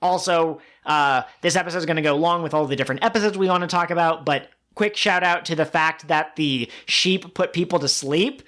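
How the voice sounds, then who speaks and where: A man's voice: fairly high pitch, a little fast, few pauses. Man animatedly recapping anime episodes. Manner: animated retelling with quoted character lines. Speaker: podcast co-host.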